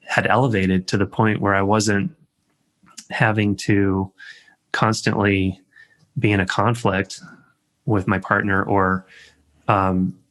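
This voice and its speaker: A man co-hosting a podcast interview, talking slowly and searchingly with many pauses and ums. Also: lowish voice, a bit bright. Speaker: podcast co-host.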